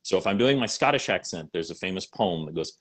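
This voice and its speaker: A middle-aged man and voice actor chatting in an interview, animated and rambling with lots of fillers. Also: low-pitched, fast talker. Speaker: voice actor and salesman. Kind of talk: casual interview chat.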